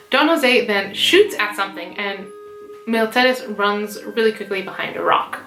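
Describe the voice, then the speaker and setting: A woman's voice: medium pitch, moderate pace, pushed and bright. A young woman, a mezzo-soprano, giving a casual, chatty plot summary full of fillers and asides. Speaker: mezzo-soprano explaining an opera. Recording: roomy room with background music.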